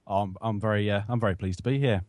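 A man's voice: fairly low pitch, quick pace, darkish tone, no room sound, clean studio sound. A man speaking as a regular co-host on a panel podcast, trading easygoing, joking banter. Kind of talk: casual panel chat.

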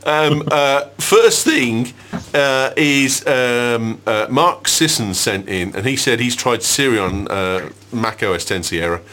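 A man's voice: mid-range voice, lively intonation, slow, sharp tone, slight background noise. A man hosting a casual tech podcast, bantering cheekily and laughing often. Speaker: podcast host.

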